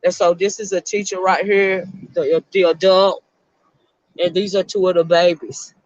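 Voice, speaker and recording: A middle-aged woman, a retired school counselor, hosting an emotional live-stream chat and speaking haltingly to her viewers. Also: on the low side, flat delivery, no echo, dull audio. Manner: emotional, halting, repeats words while talking to her chat.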